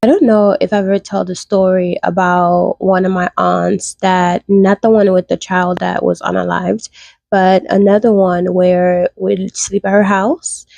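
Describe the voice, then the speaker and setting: A woman's voice: fairly low pitch, little pitch movement, measured pace, gravelly, darkish tone, no echo. A woman from Haiti, telling folklore stories casually as a channel host. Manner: conversational, searching for words. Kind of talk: casual storytime chat.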